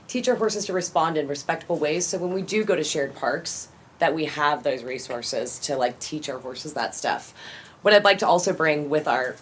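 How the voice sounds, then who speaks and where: A woman giving a friendly, folksy public comment at a board meeting, a bit halting. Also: sits low, a little hiss or hum.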